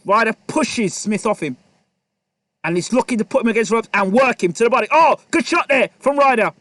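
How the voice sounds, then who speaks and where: A man giving live play-by-play boxing commentary, excitable and repetitive, often calling out to the fighters. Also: very high-pitched, a little fast, dry recording.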